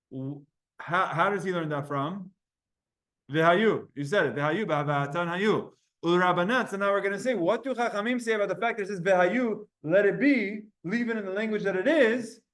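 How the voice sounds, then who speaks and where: A man teaches a Talmud class, explaining in quick bursts, quizzing his students and often restarting his sentences. His voice is high-pitched and a bit bright.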